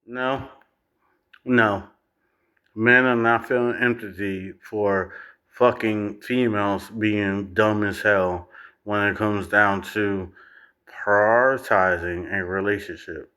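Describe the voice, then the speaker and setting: Blunt cursing guy ranting slow, bright forceful voice, lecturing. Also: on the low side, steady tone, clear, resonant tone. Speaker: reaction commentator. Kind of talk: profane reaction rant.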